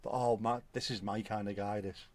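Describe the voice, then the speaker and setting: A middle-aged man hosting a livestream reads viewer comments in casual chat, laughing and swearing frequently. His voice is lowish and level, and he talks fairly quickly.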